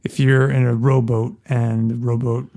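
A man's voice: mid-range voice, level tone, normal speed, vocal fry, warm tone. A man co-hosting a podcast in casual, joking chat, musing aloud as he goes. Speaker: podcast co-host.

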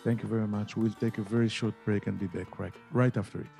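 A man's voice: on the low side, steady tone, quick pace, gravelly, loud music behind the voice. A man hosting an interview, thanking his guest and going to a break. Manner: brief, courteous sign-off. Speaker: interview host. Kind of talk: closing an interview.

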